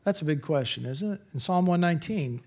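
A middle-aged man preaching a sermon to college students, animated and jokey, slipping into funny voices for the people he mocks. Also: on the high side, fairly quick. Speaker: campus pastor.

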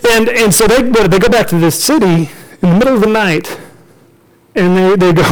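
A man preaching a storytelling sermon, lively and joking as he acts out the characters. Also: sits high, normal speed, low-quality recording.

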